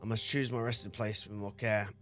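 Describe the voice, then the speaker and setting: A man voicing an ancient, weary, formal sorcerer creature from a game, reading its lines aloud in a slow, formal way. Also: on the low side, flat delivery, a bit bright, soft background music, close to an everyday voice. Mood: weary, solemn.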